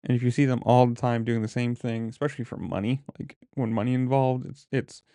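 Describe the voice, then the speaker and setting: A man recounts a poker table story in an easygoing, rambling way, full of "like" and "whatever". His voice is warm and mellow. The sound is dry and close, and now and then he drops to a mutter to call his own folds. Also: mid-range voice, steady tone, fairly quick, smooth, dry recording. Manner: rambling, conversational, with frequent filler words; mutters poker decisions to himself under his breath. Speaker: poker player telling a story. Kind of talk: casual storytelling vlog.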